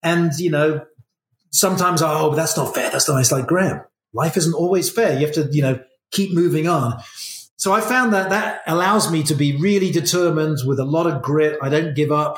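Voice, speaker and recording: Speaking at a normal speed in a slightly high voice, a middle-aged man reflects and tells stories as a guest in a relaxed interview chat. The room has noticeable echo.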